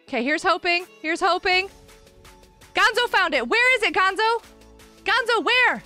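Woman streamer, very high and lively, bright tone, excitable game chat. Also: a little slow, faint music behind. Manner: excitable, cheers players on, frequent laughs. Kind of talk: live Minecraft stream chat.

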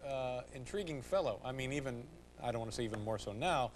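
A man hosting a late-night talk show, asking questions in a dry, halting way with many fillers. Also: medium pitch, animated. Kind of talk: late-night interview banter. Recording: 1980s TV tape, studio audience, hiss. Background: studio audience.

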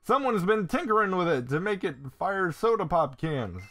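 A man's voice: on the high side, big pitch swings, unhurried, pushed and bright, pitched above the performer's own voice, heavily acted. A man voicing a bossy, fussy older woman housekeeper who scolds in prim, folksy phrases. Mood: chatty.

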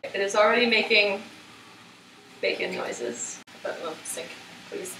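A woman's voice: mid-range voice, sharp tone, reverberant, a little hiss or hum, poor audio. A young American woman joking sarcastically with friends while cooking in a home kitchen. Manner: sarcastic, playful, quick to joke. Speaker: home cook among friends.

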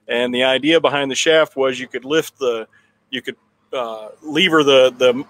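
A man's voice: mid-range voice, steady tone, moderate pace, a bit bright. A man telling a long personal story at a town hall, rambling with restarts and chuckling now and then. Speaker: political candidate telling a story.

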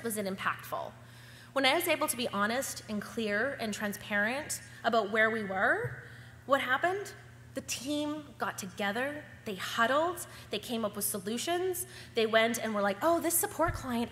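A woman agency owner giving a lively conference talk, acting out the dialogue she quotes. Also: a little high. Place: conference hall. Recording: echoey hall with faint hum.

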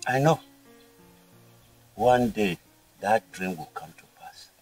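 A reassuring middle-aged father with a Nigerian accent. His voice is gravelly and swings widely in pitch. The mic is distant, with faint music behind. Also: slow pace, heavily acted. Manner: calm, encouraging. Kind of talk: film drama acting.

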